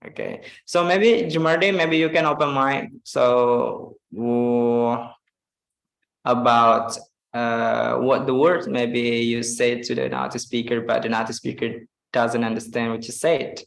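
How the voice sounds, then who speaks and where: A man's voice: medium pitch, fairly even intonation, takes it slowly, vocal fry, a bit bright. Indonesian man teaching English, echoey room. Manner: switches between English and Indonesian, many fillers. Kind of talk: live online English lesson.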